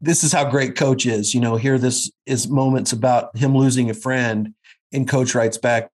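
A man's voice: medium pitch, fairly even intonation, normal speed. A man in his fifties, a guest actor, chatting casually and reminiscing with many fillers and restarts. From Kansas City area. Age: 50s. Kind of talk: casual conversation.

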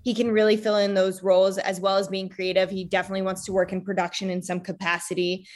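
A woman's voice: medium pitch, little pitch movement, quick pace. A woman in her thirties talking casually as an interview guest, chatty with many fillers and acting out quoted lines. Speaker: guest, wife of a retired fighter.

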